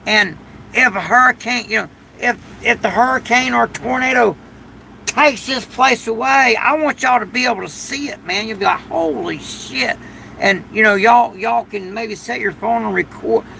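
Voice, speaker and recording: An older man with a deeply gravelly, rough voice that sits high for a man and cuts through sharply. He talks slowly and rambles through a casual livestream, breaking into loud thanks for his viewers. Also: a little hiss or hum, low-quality recording. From United States. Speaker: livestream host. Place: shed during a storm.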